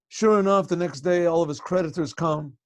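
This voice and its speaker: A male rabbi telling a story to a class over a video call, conversational and often clearing his throat. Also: on the high side, normal speed, dry recording.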